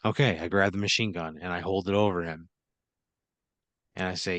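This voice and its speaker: A man taking part as a player in an improvised story game, thinking out loud and swearing in disbelief. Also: deep voice, steady tone, moderate pace, dry recording. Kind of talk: casual improvised role-play.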